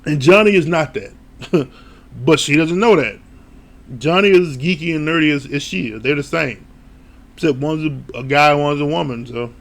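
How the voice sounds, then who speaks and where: Man, show reviewer, casual recap, slightly high voice, gravelly, laughs a lot. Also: normal speed. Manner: animated storytelling, laughing often; swears casually.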